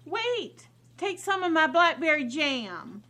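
An actress playing a gentle, cheerful mother who speaks sweetly and patiently. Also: sits high, very animated, takes it slowly, exaggerated voice. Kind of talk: drama scene.

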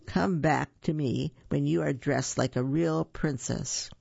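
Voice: medium pitch, measured pace, vocal fry, a little mellow, husky, no room sound, highs cut off, exaggerated voice. A reader playing a snooty sneering prince. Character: snobbish stuck-up young prince.

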